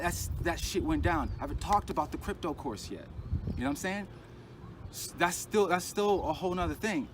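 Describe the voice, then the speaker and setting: A man recounting a painful personal ordeal in a halting, agitated way, restarting and repeating himself as he talks. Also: on the high side, background noise. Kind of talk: casual personal account.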